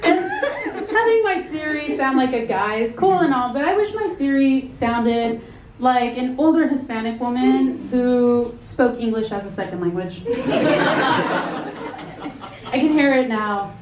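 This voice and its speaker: A woman in her thirties performing a stand-up comedy set with a dry, deadpan delivery on a club stage, speaking into a handheld mic. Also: high voice, measured pace, background noise. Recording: echoey club with loud audience laughter.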